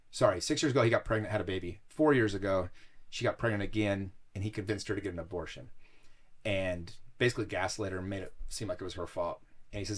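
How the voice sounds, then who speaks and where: Laughing through his anecdotes, a middle-aged podcast guest recounts personal stories with animation in a relaxed interview. He has a low voice and talks briskly.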